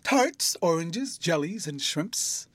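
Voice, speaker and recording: A man voicing a sweet, childish young schoolgirl who talks in a lilting, playful way with sudden high bursts. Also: very animated, slow, fairly bright tone, no echo, full character voice. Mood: girlish, playful.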